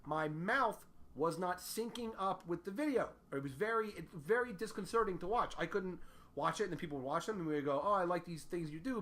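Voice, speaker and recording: Man, high voice, casual comic storytelling, rambling, profane, self-deprecating. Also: fairly bright tone.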